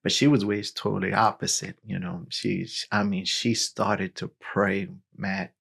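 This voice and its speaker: A man in his forties, a pastor, telling his personal testimony in a lively storytelling way, full of "you know" and "right?". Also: deep voice, unhurried, gravelly, slightly rough. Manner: animated storytelling with filler words.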